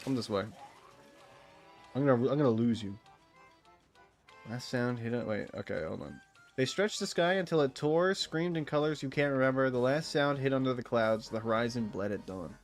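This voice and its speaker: A man streaming a game, swearing freely, joking, and reading in-game text aloud in an excitable way. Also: mid-range voice, normal speed, soft background music. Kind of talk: gameplay commentary.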